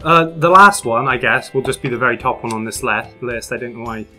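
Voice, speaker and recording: Young british guy, relaxed chat, bright voice, soft guitar in the back. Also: medium pitch, fairly quick. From Britain. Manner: easygoing, laughs often, thinks aloud with fillers. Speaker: co-host. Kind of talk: casual chat.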